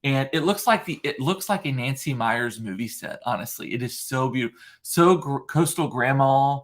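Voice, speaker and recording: A man's voice: medium pitch, animated, moderate pace, fairly bright tone. A man hosting a casual solo chat show, talking in a chatty, rambling way with frequent fillers. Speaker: host.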